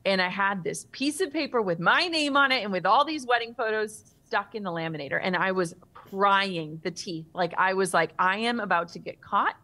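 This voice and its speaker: A woman in her thirties, a guest author in an interview, telling a personal story in a vivid, animated way. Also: fairly low pitch.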